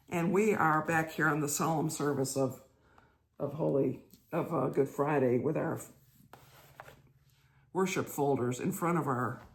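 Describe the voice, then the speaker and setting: An older woman hosting her own show, telling a church memory in a gentle, chatty way and laughing as she goes. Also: sits low. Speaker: host. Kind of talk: casual storytelling monologue.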